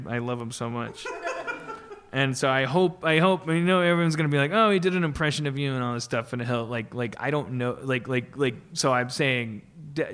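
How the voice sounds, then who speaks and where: A man's voice: on the high side, bright, forceful tone, clean tone. A man hosting a comedy podcast, rambling on stage with restarts, profanity and frequent laughter. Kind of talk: rambling comic monologue. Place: live stage.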